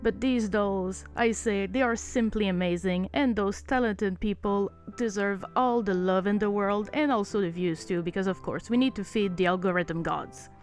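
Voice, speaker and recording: A woman's voice: medium pitch, normal speed, hardly any pauses. Woman, French Canadian accent, friendly craft vlogger, mid-range voice, faint music under the voice-over. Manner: chatty, self-deprecating, sincere. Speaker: doll artist narrating her build. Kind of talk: voice-over narration of a craft video.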